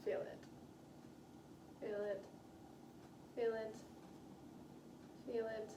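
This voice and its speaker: A woman gives short, quiet replies from away from the mic. The room is echoey, and background noise is clearly audible. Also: fairly high pitch, flat delivery, extremely slow, distant mic. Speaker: practice patient.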